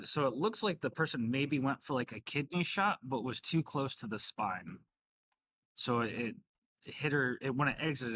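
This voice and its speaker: A male game master narrating a tabletop game in a casual, joking way, with plenty of ums and restarts. His voice is bright and forward, at a middle pitch. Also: slight background noise.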